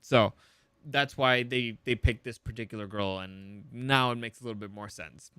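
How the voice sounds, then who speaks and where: A man's voice: mid-range voice, fairly even intonation, moderate pace, sharp tone, clean tone, no room sound. A man casually recapping a TV episode, rambling and profane, full of fillers and restarts. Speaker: TV show reviewer.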